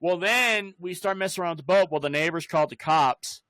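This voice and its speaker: A young man with a high, bright voice tells stories in casual chat, swearing freely and breaking into laughter as he acts out the cops. The recording is dry and close, with no room around him. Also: fairly quick, dry recording. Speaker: podcast host.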